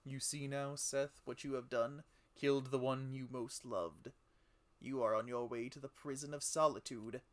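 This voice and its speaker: A man putting on a cold, soft-spoken villain. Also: medium pitch, normal speed, natural voice. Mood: gloating. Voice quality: soft, flat, menacing. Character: cold, contemptuous male villain, soft and emotionless.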